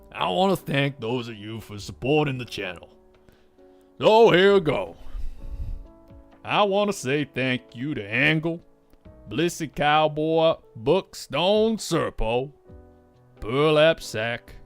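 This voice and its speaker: A man putting on a loud hollering cowboy. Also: fairly high pitch, vocal fry, voice pushed up, exaggerated voice. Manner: drawling, hollering yee-haws.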